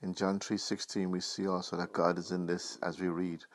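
A man preaching a Good Friday sermon, reading scripture in an earnest, measured way. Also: low voice, little pitch movement, no echo.

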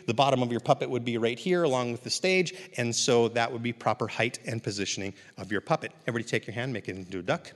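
A man's voice: mid-range voice, fast talker, few pauses. Upbeat man teaching puppetry in a hall. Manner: upbeat, encouraging, joking with the audience. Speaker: puppetry instructor. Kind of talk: live workshop teaching to a seated audience. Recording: long hall reverb, speaker off mic.

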